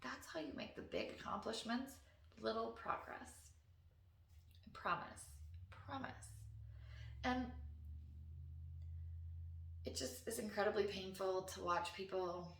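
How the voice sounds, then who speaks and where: Woman coach talking from the heart, gravelly voice, roomy echo, bit far off mic. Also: mid-range voice, measured pace, long pauses. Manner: earnest, encouraging, emotional at times. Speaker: wellness coach. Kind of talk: unscripted heartfelt talk to camera.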